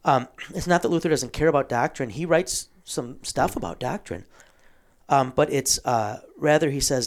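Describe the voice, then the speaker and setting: A man hosting a casual theological discussion, explaining a book at length with frequent ums and throat clearing. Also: mid-range voice.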